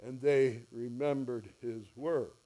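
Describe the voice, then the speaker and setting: Slow-speaking preacher man. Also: mid-range voice, steady tone. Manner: storytelling preacher, acts out quoted voices softly and loudly. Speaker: pastor. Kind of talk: sermon. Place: church.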